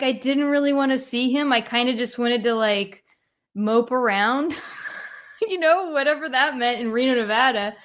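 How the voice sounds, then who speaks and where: A woman's voice: on the high side, a bit bright. A woman who is a guest on a casual podcast interview, upbeat and candid, laughing often as she talks.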